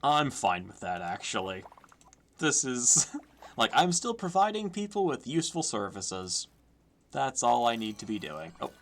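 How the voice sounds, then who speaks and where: A man's voice: mid-range voice, big pitch swings, measured pace. Guy streaming a cozy game, giggly, reads the lines out, voice jumps around a lot. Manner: playful, giggly, reads game text in character. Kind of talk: game let's play, reading dialogue aloud.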